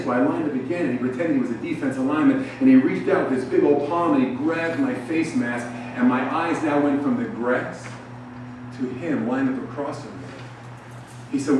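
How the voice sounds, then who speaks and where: Middle-aged male speaker, slightly high voice, tells stories and acts out the lines, caught from a distance in a booming hall. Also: a little fast, a little mellow, a little hiss or hum. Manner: storytelling, acting out dialogue. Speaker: banquet speaker. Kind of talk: motivational speech. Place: banquet hall. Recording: echoey hall, far from mic.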